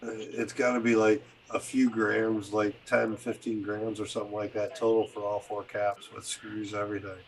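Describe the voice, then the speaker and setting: A man hosting a casual podcast, easygoing and quick to laugh, often trailing off quietly. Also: fairly low pitch, level tone.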